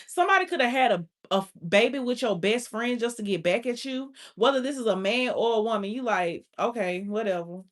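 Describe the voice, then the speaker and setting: Woman doing a tarot reading, slightly high voice, blunt, swears a lot, lots of "like". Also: lively intonation, a little fast, hardly any pauses. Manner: blunt and profane, heavy filler "like". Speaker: tarot reader. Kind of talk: casual spoken tarot reading.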